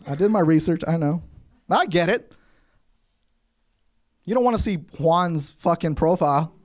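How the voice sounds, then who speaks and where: Speaking at a measured pace in a slightly high voice, this young Kentuckian performs stand-up for a live crowd at a comedy club. His storytelling is animated, and he voices the other characters himself.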